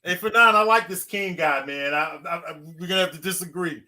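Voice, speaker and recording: A man's voice: high-pitched, brisk, sharp tone. A man on a boxing talk panel, chatting casually and joking with the host. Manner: laid-back, joking. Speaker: panel guest. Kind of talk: casual chat.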